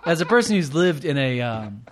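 A man's voice: fairly high pitch, sing-song, normal speed, a loud crowd. A man hosting a podcast, joking crudely in casual chat and laughing often. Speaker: podcast host.

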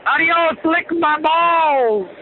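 A man voicing a crude, boastful trucker in a comic fake ad, delivered as a brash, vulgar sales pitch. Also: slow pace, a little hiss or hum. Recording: tinny phone-like line.

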